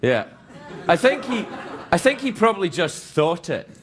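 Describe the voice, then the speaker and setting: A man's voice: high voice, big pitch swings, normal speed. A man hosting a late-night talk show, delivering a joking, rambling comedic monologue in front of a live studio audience. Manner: joking, rambling, slips into silly put-on voices. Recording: noisy broadcast with loud audience laughter.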